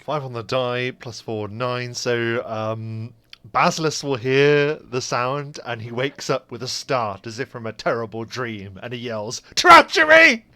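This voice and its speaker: A man with a mid-pitched voice speaks slowly as he narrates his character's actions in a tabletop game. His narration rambles, with pauses between the steps. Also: fairly even intonation, fairly bright tone. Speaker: player.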